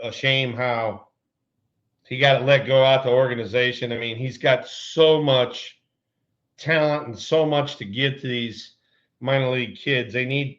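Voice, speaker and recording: A middle-aged man co-hosting a podcast, telling stories in a laid-back, drawn-out way and often repeating words. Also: medium pitch, a bit bright, highs cut off. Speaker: podcast co-host, former ballplayer. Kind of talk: casual storytelling chat.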